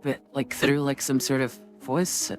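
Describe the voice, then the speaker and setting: A man's voice: mid-range voice, level tone, unhurried, faint music behind. A young man chatting casually on a gaming stream, rambling with lots of fillers and laughing often.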